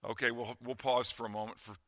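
A man preaching a sermon as pastor, talking conversationally and dropping to a quiet voice for emphasis. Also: mid-range voice, level tone, quick pace, dry recording, clean studio sound.

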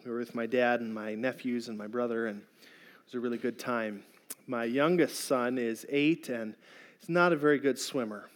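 A man's voice: medium pitch, steady tone, normal speed. A middle-aged man preaching a sermon as a pastor, telling a personal story in an earnest, conversational way.

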